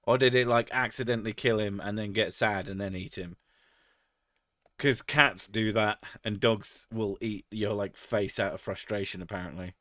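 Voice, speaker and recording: A man's voice: on the low side, steady tone, moderate pace, fairly bright tone, no room sound, studio quality. A man reading chat on a live stream, joking crudely, swearing a lot and laughing often.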